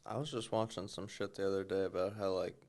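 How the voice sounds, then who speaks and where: A man's voice: deep voice, fairly even intonation, quick pace, a little mellow. A man co-hosting a comedy podcast in casual, laid-back chat. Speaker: podcast co-host.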